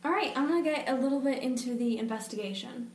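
A woman's voice: sits high, fast talker, a little mellow. A young woman co-hosting a podcast, telling a case in casual chat with wry, dry asides. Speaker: podcast co-host. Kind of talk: casual true-crime chat. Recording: roomy, slightly distant mic with faint noise.

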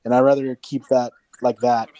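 A man with a dark, mellow voice talks loosely on a podcast, circling back and restarting his sentences as he goes. He drops the odd curse word along the way. His voice sounds dry and close, with no room around it. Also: mid-range voice, flat delivery, moderate pace, no room sound. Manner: rambling with many restarts, swears casually. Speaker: podcast co-host. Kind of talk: casual podcast chat.

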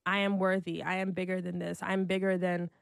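A woman's voice: on the low side, completely flat delivery, brisk, creaky, clear, resonant tone, no room sound. Chatty woman in her thirties, dry sound. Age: 30s. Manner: chatty, leans heavily on "like", laughs often. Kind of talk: casual heartfelt conversation.

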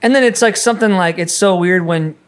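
A man from Minnesota, a musician guest on a podcast, telling stories in a casual, animated way and swearing freely. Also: sits high, fairly quick, smooth. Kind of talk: casual chat.

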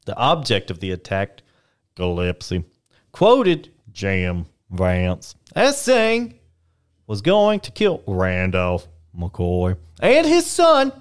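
A man's voice: deep voice, wildly swooping pitch, takes it slowly, clean tone. A young man casually reading old newspaper history on a podcast, with playful asides and the odd put-on voice.

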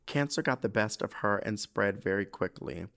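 A man's voice: on the low side, moderate pace, gravelly. A young man hosting a podcast, chatting casually in a camp, swearing style and reading a listener's letter aloud, getting choked up. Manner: animated, camp, swears freely, gets emotional while reading. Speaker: podcast host.

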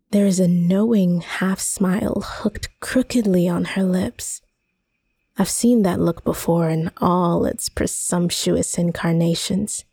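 Woman reading a story slow and wry, gravelly voice, dry close mic. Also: lowish voice, dark tone, no room sound. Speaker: reader. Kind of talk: first-person short story narration.

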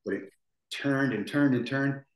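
A man in his forties, appearing as a podcast guest, tells a painful story in a rambling way, restarting and repeating his words. His mid-range voice is unhurried, and the recording has a roomy echo with a noisy background.

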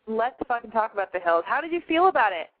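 A woman hosting a call-in show, blunt, profane and excitable in casual chat. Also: on the high side, quick pace. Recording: tinny phone-like sound.

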